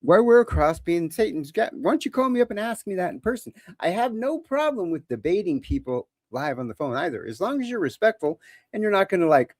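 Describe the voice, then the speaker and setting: Animated opinionated male call-in host. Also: sits high, brisk, no echo. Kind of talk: casual live call-in talk.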